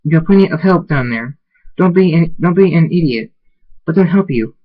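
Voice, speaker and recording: A man's voice: on the high side, expressive, moderate pace, voice pushed up. A man reading the lines of a worried female pony friend in his own voice, pleading. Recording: muffled lo-fi recording.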